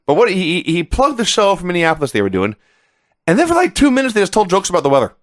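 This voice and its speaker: A middle-aged man co-hosting a casual podcast, his voice sitting a little high and swinging widely as he tells stories. He talks in an animated way with sarcastic asides. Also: fast talker. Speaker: podcast co-host. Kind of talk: casual wrestling review chat.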